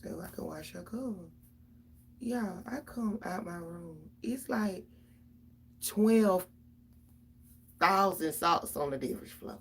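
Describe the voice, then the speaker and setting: Exasperated mother with a gravelly, husky voice. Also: fairly low pitch, takes it slowly, pauses often. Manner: exasperated, profane, talks straight to viewers. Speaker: mother venting to viewers. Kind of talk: casual venting monologue.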